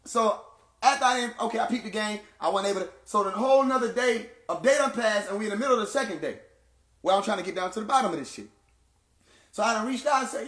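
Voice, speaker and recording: High-pitched aave guy ranting to his viewers, heated, lots of emphasis, roomy echo. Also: fast. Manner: animated, heated and emphatic, with vernacular slang. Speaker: speaker addressing viewers. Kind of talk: casual storytelling rant.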